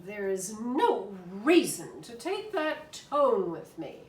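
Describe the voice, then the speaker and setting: A woman voicing a dignified mother squirrel with a slightly husky squeak who corrects calmly. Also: takes it slowly, distant mic. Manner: calm, correcting. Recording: echoey room from afar.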